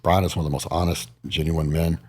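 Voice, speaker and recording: A man's voice: rumbling low, fast, slightly rough. A man in his forties, a guest in an interview, telling stories with animation and acting out other people's voices. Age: 40s. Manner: animated storyteller, acts out quoted voices. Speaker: guest, bodybuilder. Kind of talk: casual storytelling interview.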